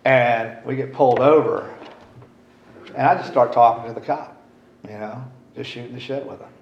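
A man's voice: medium pitch, moderate pace, vocal fry. A middle-aged man speaking at a recovery meeting, candid and rambling, swearing casually. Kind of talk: recovery share talk. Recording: roomy, dull, faint hiss.

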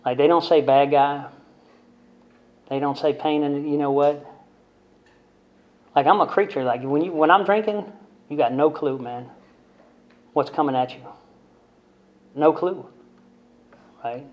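A man with a slightly raised voice tells his recovery story to a group, talking plainly and bluntly. He keeps checking in with "right?" and "man" and jokes at his own expense. The recording is muffled and low in fidelity. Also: unhurried, long pauses. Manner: conversational and blunt, with frequent "right?" and "man" tags; self-deprecating humor. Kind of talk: candid storytelling talk to a group. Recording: dull lo-fi recording.

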